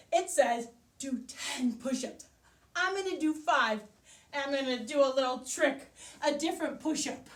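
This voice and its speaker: Woman, preschool teacher, sing-song, high voice, very lively pitch, unhurried. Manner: cheerful sing-song, counting aloud with kids. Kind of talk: animated online lesson for small children.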